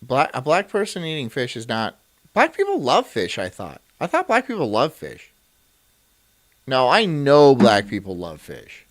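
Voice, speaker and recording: A man's voice: medium pitch, wildly swooping pitch, measured pace, no echo. A man streaming, reacting to a video in rambling, crude and self-mocking casual chat.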